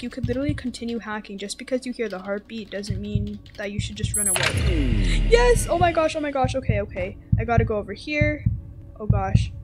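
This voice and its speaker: A woman giving casual, very talkative gameplay commentary, turning excitable and repeating words when the game gets tense. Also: mid-range voice. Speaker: gaming video host. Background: game background music.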